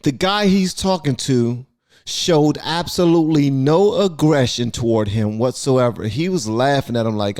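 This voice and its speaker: A man's voice: medium pitch, unhurried. A man hosting a reaction video, talking casually and in disbelief about a clip. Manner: incredulous, animated.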